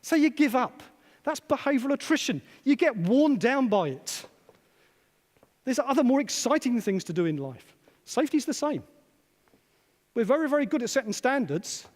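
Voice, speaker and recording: A man delivers a conference keynote in a hall with a long, ringing reverb. His voice sits high for a man, and he challenges the crowd with rhetorical questions. He repeats his key phrases for emphasis. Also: a little mellow. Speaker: conference speaker, psychologist.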